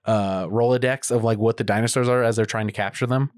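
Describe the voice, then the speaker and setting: In clean, dry studio sound, a medium-pitched man co-hosts a podcast, talking fast in a steady tone. His casual chat wanders, with lots of fillers and restarts.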